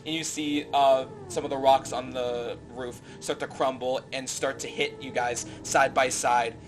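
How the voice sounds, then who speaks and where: A man narrating a tabletop game as game master, improvising loosely with many fillers. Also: medium pitch.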